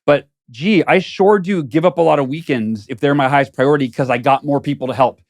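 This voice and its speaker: A man's voice: fairly high pitch, brisk. A man as a guest author in an interview, talking earnestly and thinking aloud in a studio. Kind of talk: casual interview conversation.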